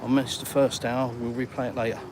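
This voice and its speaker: An older English man with an English accent talks casually to his viewers while walking outdoors by the water. He chats in a matey way and reads out comments as he goes. Street noise and passing vehicles are clearly heard behind him. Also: mid-range voice, flat delivery, brisk. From England. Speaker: vlogger. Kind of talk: live-streamed walk and talk.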